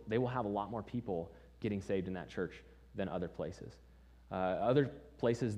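Low-voiced man telling a story in a sermon. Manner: animated storyteller acting out quoted voices. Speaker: preacher.

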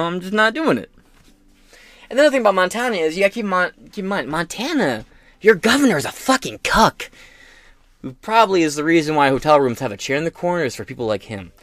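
A man's voice: fairly high pitch, a bit bright, no echo. A man hosting a podcast who rants brashly and sarcastically with constant swearing. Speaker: podcast host. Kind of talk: crude political rant.

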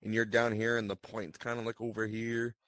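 A man's voice: lowish voice, flat delivery, a little fast, a bit bright, no room sound, studio quality. A man chatting casually on a podcast, teasing the others and hesitating with fillers when he explains something.

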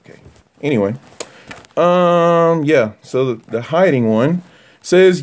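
A man giving a casual, animated Torah teaching that swings from near-yelling to quiet asides. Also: slow pace, long pauses. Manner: animated, rising to near-yelling then dropping low.

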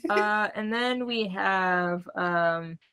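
A woman co-hosting a casual chat, retelling movie scenes and popping into quick character voices. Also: medium pitch, pushed and bright, clean tone. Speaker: podcast co-host.

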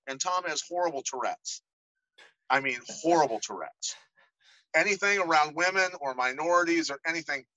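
A middle-aged man tells stories as a podcast guest, animated and quick to act out the voices of the people he quotes. His voice is bright and forceful, and it sounds dry and close to the mic. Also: mid-range voice, no room sound, rough recording. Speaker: podcast guest, former fighter. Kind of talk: casual storytelling interview.

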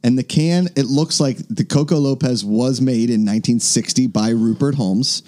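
A man's voice: medium pitch, moderate pace, a little mellow. A man co-hosting a comedy podcast, chatting casually and acting out the people in his stories. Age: young adult. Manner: storytelling, acts out voices of people in his stories. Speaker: podcast co-host.

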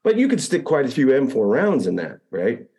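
A man's voice: mid-range voice, normal speed. A man who flew Apache helicopters, telling a combat story in a conversational interview, acting out radio calls and often restarting phrases. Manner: animated retelling, acts out radio calls, frequent restarts.

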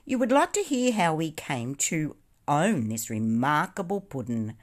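A woman voicing a rough-and-ready male sailor with hearty, blunt, slangy talk. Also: sits low, very animated, unhurried, pitched above the performer's own voice, heavily acted.

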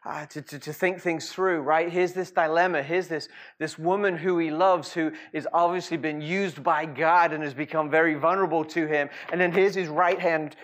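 A man preaching a sermon as a lively storyteller, with frequent laughs and rhetorical asides. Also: fairly high pitch, normal speed, few pauses. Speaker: pastor.

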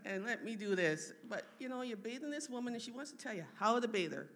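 Animated woman telling a family story. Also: mid-range voice, moderate pace. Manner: animated, laughs often, quotes others in raised voice.

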